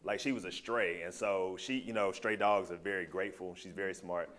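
A man sharing a personal testimony with a small group, telling his story in a loose, animated and heartfelt way. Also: low-pitched, fairly quick.

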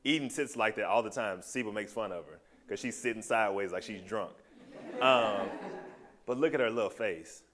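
A man sharing a personal testimony with a small group, telling his story in a loose, animated and heartfelt way. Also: fairly low pitch, normal speed.

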